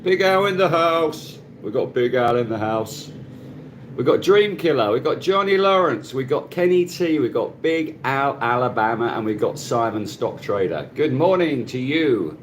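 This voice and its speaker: Streaming live from his phone in Cebu, Philippines, this middle-aged man talks at a moderate pace in an expressive mid-range voice, with a little hiss or hum on the audio. He's casual, welcoming viewers by name and laughing a lot.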